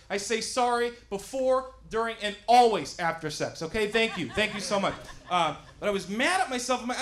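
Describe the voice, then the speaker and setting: A man in his thirties doing a stand-up set on a small stage, self-mocking and often yelling his punchlines. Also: high voice, lively intonation, brisk. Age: 30s. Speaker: stand-up comic and emcee. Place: small studio stage with live audience.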